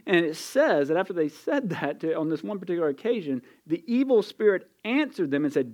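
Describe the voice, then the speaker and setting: A man's voice: on the high side, very animated, brisk, hardly any pauses, darkish tone. A man preaching a sermon as pastor, conversational and emphatic, with casual asides to the congregation. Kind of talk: expository sermon.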